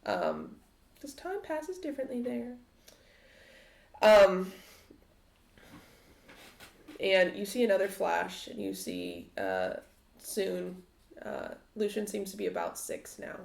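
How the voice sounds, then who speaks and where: A woman narrating a tabletop game as game master, halting with many fillers. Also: medium pitch, huge pitch swings, creaky, a little mellow. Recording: roomy echo.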